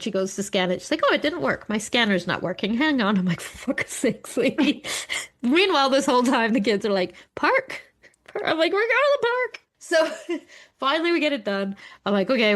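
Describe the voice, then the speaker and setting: A woman in her forties from Alberta, co-hosting a podcast in casual chat, telling animated stories full of swearing, acted-out quotes and laughter. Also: mid-range voice. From Alberta, Canada. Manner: animated storyteller, swears freely, acts out quotes, laughs often. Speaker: podcast co-host.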